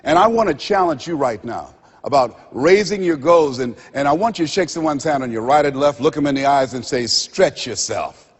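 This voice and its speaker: Raspy motivational speaker in a reverberant hall. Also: male voice, on the high side, animated. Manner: preacher-like, dramatic pauses, repeats phrases. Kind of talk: motivational seminar speech. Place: seminar hall before a live audience. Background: audience laughter.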